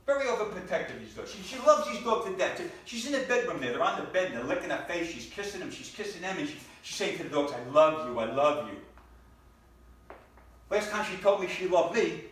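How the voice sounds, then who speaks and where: A middle-aged stand-up comedian tells a story with exasperation, stammering over repeated words. His high-pitched, fairly bright voice swings widely in pitch, moving quickly with few pauses. He's recorded from afar in an echoey room with faint noise.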